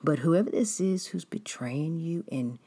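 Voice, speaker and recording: A woman giving a sermon-style teaching in a slow, soft, half-whispered and drawn-out way. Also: deep voice, animated, slightly rough. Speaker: preacher.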